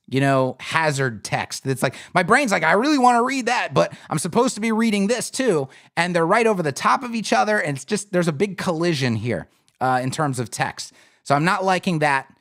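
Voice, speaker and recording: Emphatic man with a fairly high voice. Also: fairly bright tone. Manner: emphatic and conversational, often tags 'right?'. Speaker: web design critique host. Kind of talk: live-streamed website critique.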